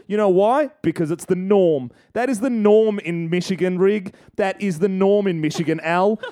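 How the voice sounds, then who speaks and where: High-voiced man ranting for laughs. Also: darkish tone. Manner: profane, mocking, builds to punchlines. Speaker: co-host. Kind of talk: comedic podcast rant.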